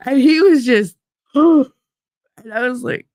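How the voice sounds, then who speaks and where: Lady spinning a story on her podcast, gravelly voice, dry close sound, swears a lot and laughs. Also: sits high, expressive, measured pace, a little mellow, no echo. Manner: profane, laughing, acts out quoted voices. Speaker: podcast host. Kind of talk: casual storytelling.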